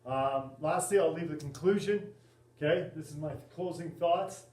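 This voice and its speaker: A man, a volleyball coach, giving a class presentation in a halting way with many fillers and restarts. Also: fairly high pitch, darkish tone. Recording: echoey room, mic at a distance.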